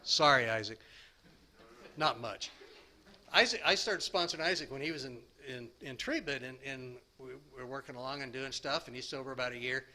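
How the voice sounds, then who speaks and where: A man in his sixties sharing his recovery story at a meeting, rambling and self-deprecating, with halting restarts. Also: mid-range voice, sharp tone. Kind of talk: personal recovery share.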